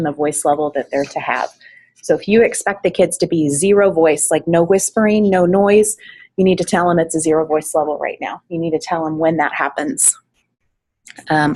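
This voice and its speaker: Husky-voiced woman coordinator giving instructions. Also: deep voice, a little mellow, poor audio. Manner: practical, instructive, with fillers. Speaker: volunteer coordinator. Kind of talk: training talk to volunteers. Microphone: online meeting mic, at varying distance.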